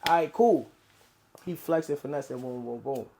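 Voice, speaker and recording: A man's voice: mid-range voice, vocal fry, slight background noise. A man telling a story in casual street slang, acting out quoted lines as he goes. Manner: animated street slang, quick quoted dialogue. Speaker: interview guest.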